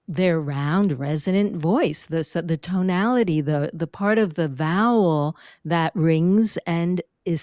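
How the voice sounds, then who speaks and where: This speaking and vocal coach, appearing as a guest, has a low voice captured on a close mic with no room sound. She tells stories conversationally in an interview, animatedly acting out quotes and showing off vocal fry.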